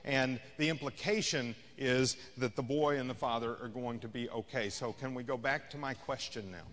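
A man's voice: medium pitch, normal speed, fairly bright tone, a little hiss or hum. Male pastor, mid-range voice, chatty preaching that swells and drops, recorded in a church with a long echo. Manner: conversational preaching, rising and falling in intensity. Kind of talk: sermon. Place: church sanctuary.

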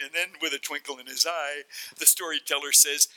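A man preaching a sermon, telling the story in an animated way and acting out the voices as he goes. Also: a little high, a little fast, low-quality recording. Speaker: pastor.

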